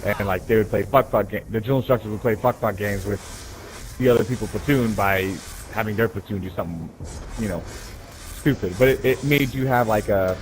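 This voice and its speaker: Male gamer, low voice, casual profane storyteller, rambling, chatty. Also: fairly quick, poor audio. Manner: profane, rambling, keeps asking "right?". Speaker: gamer telling stories while playing.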